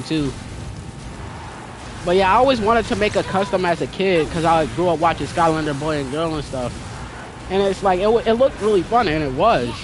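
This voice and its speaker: A young man chatting casually with viewers while playing a game, in a slangy, talkative way. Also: sits high. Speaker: gaming streamer. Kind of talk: casual gameplay commentary. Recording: game music playing behind.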